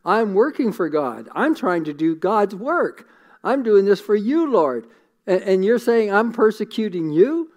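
A preacher acting out a stunned young Saul. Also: male voice, high voice, big pitch swings, unhurried, darkish tone. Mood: incredulous. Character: zealous young male persecutor Saul, stunned.

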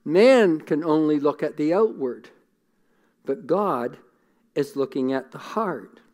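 A man's voice: a little high, lively intonation, takes it slowly, a little mellow. A man preaching a sermon in an earnest, conversational way, often repeating words as he thinks. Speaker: pastor.

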